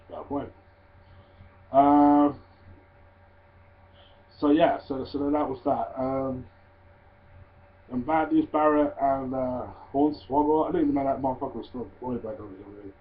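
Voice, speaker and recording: A man casually reviewing a wrestling show, swearing freely and ranting in loud disbelief. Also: medium pitch, steady tone, a little slow, long pauses. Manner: profane, ranting, gets loud and incredulous. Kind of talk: casual solo review vlog. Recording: tinny phone-like audio.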